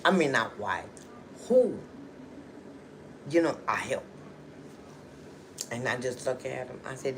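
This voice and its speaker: Woman, livestream storytelling, slow-paced, emotional, noisy room. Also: rumbling low, sing-song. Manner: chatty, emotional, lots of "you know" and "okay". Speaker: livestream host. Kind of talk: casual storytelling to viewers.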